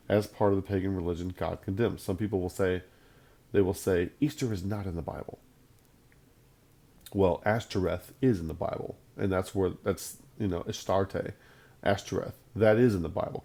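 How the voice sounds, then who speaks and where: A man's voice: low voice, a little fast, gravelly, mellow. A man teaching a Bible lesson on video in an emphatic, conversational way, often repeating his points for stress.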